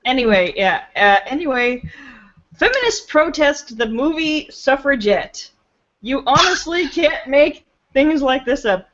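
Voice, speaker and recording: A woman's voice: high voice, fairly bright tone. A woman co-hosting a casual podcast, swearing casually and laughing often as she talks. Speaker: podcast co-host. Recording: dull lo-fi podcast audio.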